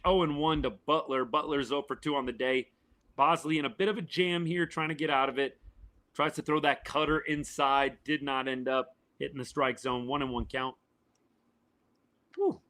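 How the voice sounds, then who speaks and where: Reacting live to a baseball game on his podcast, this man chats casually, addresses chat viewers by name, and says "y'all." His voice, medium in pitch and fairly bright, is worn, going hoarse, and a bit quieter than usual, while his pace stays moderate.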